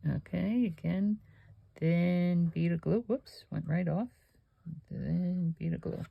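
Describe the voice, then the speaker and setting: A woman's voice: lowish voice, takes it slowly, gravelly, no echo, muffled recording. A woman hosting a crafting video, chatting and thinking aloud with rambling asides while she works. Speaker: crafting channel host.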